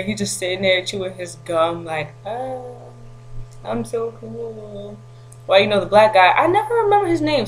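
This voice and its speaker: A woman vlogging to camera, telling a story in an animated, slangy way with frequent laughter. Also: mid-range voice, rough recording.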